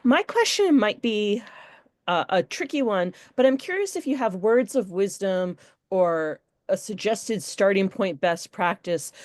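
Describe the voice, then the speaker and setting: A woman attendee asking a thoughtful question on a video call in a polite, measured way. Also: medium pitch, darkish tone, no echo, studio quality. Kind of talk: webinar question.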